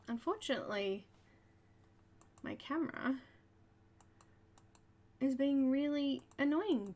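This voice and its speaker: A woman's voice: medium pitch, a bit bright. An Australian woman hosting a live coloring tutorial, chatty and welcoming, laughing often as she greets viewers. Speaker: art tutorial host.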